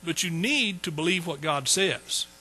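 Bright, husky preacher man. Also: on the high side, expressive, unhurried, low-quality recording. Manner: folksy, joking asides to the congregation. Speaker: pastor. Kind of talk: sermon.

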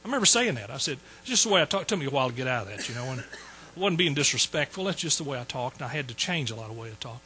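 A man's voice: medium pitch, big pitch swings, rapid-fire, hardly any pauses, bright, forceful tone, a little hiss or hum, poor audio. A man in his sixties telling his conversion story in a folksy sermon, repeating phrases for emphasis. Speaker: preacher. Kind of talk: sermon testimony.

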